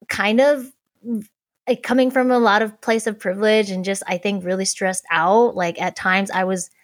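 A woman's voice: medium pitch, no echo, studio quality. A young woman who volunteered on a campaign, chatting casually and rambling with lots of filler words. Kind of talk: casual chat.

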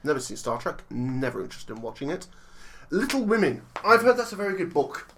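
Tired guy in his 30s, film podcast chat, bright voice that bounces all over, teasing. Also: a little high, very animated, brisk. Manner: rambling, teasing, laughs often. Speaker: podcast co-host. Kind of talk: casual film-review chat.

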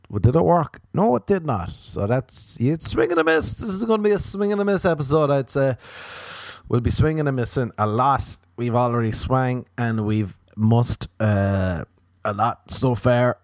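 A man's voice: fairly low pitch, darkish tone, no echo, clean studio sound. A man, a comedian hosting a podcast, rambling through a playful, crude, self-mocking monologue. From Ireland.

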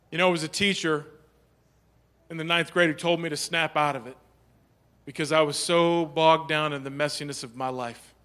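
A man telling a humorous family story to an audience, animated and playful. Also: on the high side, normal speed, pauses often. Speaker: speaker.

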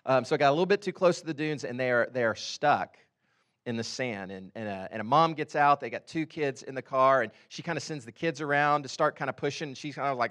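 A male pastor in his thirties preaches conversationally, his voice a little high and a little fast. He tells stories full of fillers, punctuated by sudden animated bursts.

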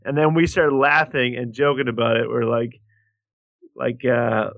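A man's voice: mid-range voice, flat delivery, unhurried, creaky, no echo, narrow, tinny audio. A man co-hosting a podcast in casual chat, rambling, swearing freely and trailing off mid-sentence. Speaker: podcast co-host.

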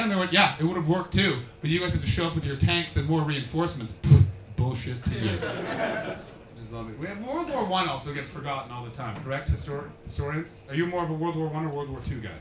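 A man from Canada doing crowd-work stand-up comedy, animated and swearing freely as he acts out voices. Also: a little high, fast talker, very noisy. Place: comedy venue with a live audience. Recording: echoey room with faint ambience.

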